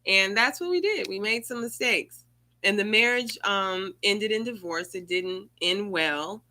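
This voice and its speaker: A woman's voice: medium pitch, measured pace, sharp tone. A woman hosting an online circle, telling a personal story in an earnest, conversational way over a video call. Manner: earnest, conversational, rising emotion. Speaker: circle host.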